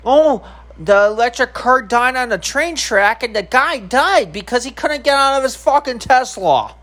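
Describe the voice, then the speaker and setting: A man's voice: very high voice, animated, moderate pace, fairly bright tone. A man streaming and vlogging, talking casually to camera in a rambling, profane way with many filler ums.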